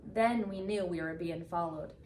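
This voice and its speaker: A woman reading a picture book aloud with expressive storytelling, slowing down for the solemn moments. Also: lowish voice, a little hiss or hum. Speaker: reader. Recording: echoey room from a distance.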